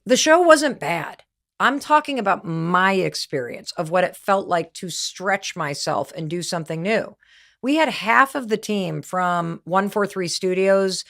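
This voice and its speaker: A woman's voice: mid-range voice, gravelly, fairly bright tone. A middle-aged woman giving a motivational talk, candid and emphatic, telling stories and acting out what people said. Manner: candid, emphatic storytelling with quoted voices. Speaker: podcast host and speaker.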